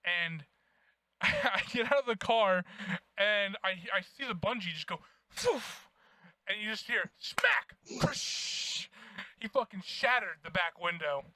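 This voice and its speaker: Young guy podcast cohost, high bright voice, cussing thru a funny story, dry sound. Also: normal speed, no echo. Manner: profane, animated storyteller. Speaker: podcast co-host. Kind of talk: casual storytelling chat.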